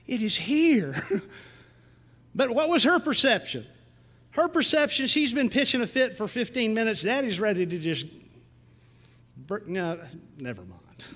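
A man preaching a sermon in a church, earnest and slowing down with rising emphasis on key lines. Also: high voice, a bit bright, long reverb tail. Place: church sanctuary.

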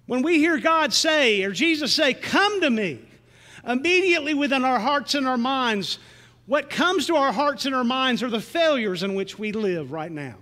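A man preaching a sermon in a church, earnest and slowing down with rising emphasis on key lines. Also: extremely high pitch, lively intonation, bright, forceful tone, big-room sound. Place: church sanctuary.

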